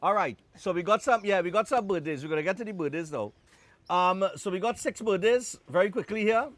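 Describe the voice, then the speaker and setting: A man's voice: sits high, animated, fairly quick, a bit bright. A man with a Trinidadian accent, hosting a live morning TV show in a chatty, joking way with loose Caribbean phrasing. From Trinidad and Tobago. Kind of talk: casual on-air chat.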